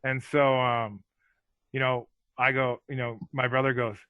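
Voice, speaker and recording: A middle-aged man, a former hockey enforcer, telling rambling, animated stories as a podcast guest. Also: mid-range voice, unhurried, clear, resonant tone, dry recording, highs cut off. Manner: rambling, animated, lots of fillers. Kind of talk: casual storytelling.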